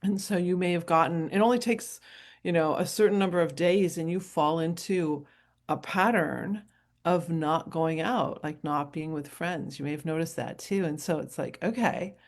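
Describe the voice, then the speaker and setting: A middle-aged woman from New Hampshire talks to camera as a coach in a loose, rambling way. Her voice sits a little low for a woman. She laughs easily and drifts between advice and stories. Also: normal speed. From New Hampshire, USA. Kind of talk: casual motivational talk to camera.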